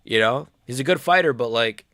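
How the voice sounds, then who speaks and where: A man's voice: medium pitch, brisk, a bit bright, no room sound, clean studio sound. A young man doing casual live commentary on a fight stream, with slangy, rambling speech and blunt, mocking opinions. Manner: slangy, rambling, frequent "bro" and "like".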